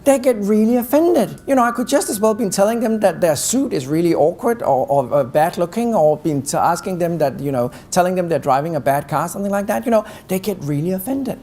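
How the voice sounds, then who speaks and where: A man's voice: sits high, animated, fairly quick, hardly any pauses, mellow, a little hiss or hum. A man giving a live talk on negotiation, teasing the audience with rhetorical questions. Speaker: keynote speaker on negotiation.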